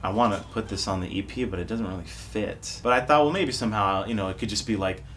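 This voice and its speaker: Deep-voiced young man reflecting. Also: fast, slight background noise. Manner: relaxed, reflective storytelling. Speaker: independent musician. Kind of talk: documentary interview. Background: faint music.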